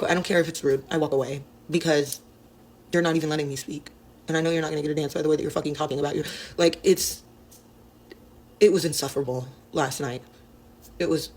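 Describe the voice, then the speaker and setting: Fast-talking blunt foul-mouthed woman. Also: deep voice. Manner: blunt, heavy swearing. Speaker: exotic dancer. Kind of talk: casual vlog rant.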